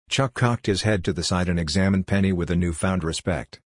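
Deep, husky male narrator. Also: lively intonation, moderate pace, no room sound, studio quality. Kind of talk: audiobook narration.

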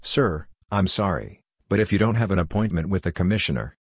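A young female receptionist answers politely and a little nervously, as a male reader voices her. The voice stays deep and husky. It sounds close and dry. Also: lively intonation, a little fast, no echo, heavily acted. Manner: polite and hesitant.

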